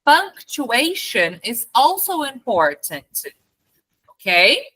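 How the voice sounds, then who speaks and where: A woman teaching an online English class, patient, explaining slowly and demonstrating intonation. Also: high-pitched, sing-song, bright, forceful tone, breathy edge, low-quality recording.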